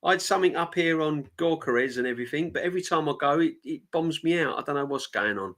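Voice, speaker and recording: A man's voice: on the high side, expressive, fast talker, a bit bright. Chatty man hosting a stream. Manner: chatty, rambling. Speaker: host. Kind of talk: casual live-stream chat. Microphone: remote streaming mic.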